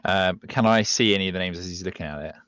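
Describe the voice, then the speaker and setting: Deep-voiced man playing a tabletop game. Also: fast, a bit bright, dry recording. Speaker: player. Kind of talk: casual tabletop game chat.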